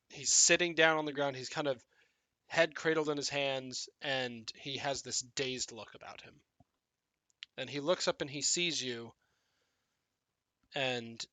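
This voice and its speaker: A man's voice: mid-range voice, bright, forceful tone, no echo. A man running a tabletop game as game master, describing scenes and correcting himself as he goes.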